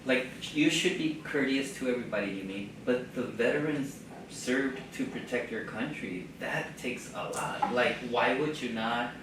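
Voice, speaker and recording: A man's voice: mid-range voice, normal speed. A man in his forties, a self-described talker, telling stories with laughter in a casual group chat. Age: 40s. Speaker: panel member. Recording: echoey room, distant mic, clear background noise.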